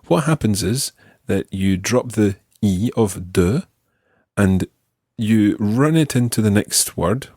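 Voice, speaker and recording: A Scottish man teaching a language lesson, patiently modelling phrases slowly for the learner to repeat. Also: lowish voice, creaky, darkish tone, husky, no room sound, clean studio sound. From Scotland. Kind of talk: slow, clear language lesson.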